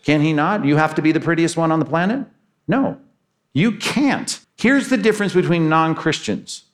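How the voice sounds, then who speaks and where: A man preaching a sermon, animated and acting out the voices he quotes. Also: a little high, normal speed. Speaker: pastor.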